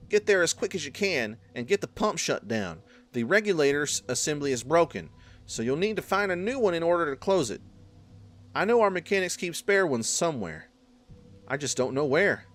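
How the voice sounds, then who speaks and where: A man's voice: a little high, a bit bright. A man voicing a wiry, courtly old male gardener with a put-on southern US accent, speaking in an old-fashioned gallant way.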